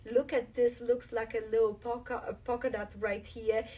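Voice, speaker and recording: Enthusiastic quilting host, a bit off-mic. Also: female voice, on the high side, little pitch movement, moderate pace, dark tone, distant mic. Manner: enthusiastic, shows fabrics while talking. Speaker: quilt designer hosting a live stream. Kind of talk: live craft demonstration.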